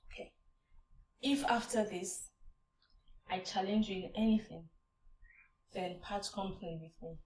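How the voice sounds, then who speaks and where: A woman retelling a religious story as a lesson, animated, acting out the characters' exclamations. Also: medium pitch, unhurried, pauses often. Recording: roomy and distant from the mic.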